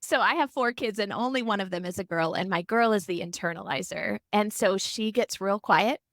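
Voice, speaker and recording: Animated gravelly woman therapist. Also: mid-range voice, normal speed, no room sound, studio quality. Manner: animated storytelling, acts out quotes. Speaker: family and marriage therapist, guest. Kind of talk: podcast interview.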